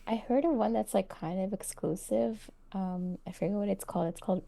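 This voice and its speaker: A woman guest chatting casually, relaxed and a little modest. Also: mid-range voice, fairly quick, vocal fry. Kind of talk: casual chat.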